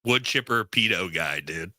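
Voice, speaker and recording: A man's voice: deep voice, expressive, unhurried, pushed and bright, no echo. A man in casual podcast chat who laughs often, swears heavily and says "dude" all the time. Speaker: podcast host.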